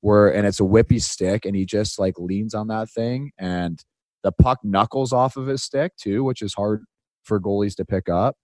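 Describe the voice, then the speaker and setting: A man co-hosting a podcast about hockey, who played the game himself and tells stories with animated impressions. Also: fairly low pitch, normal speed, dry recording. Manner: animated storyteller, drops into impressions. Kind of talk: casual hockey chat.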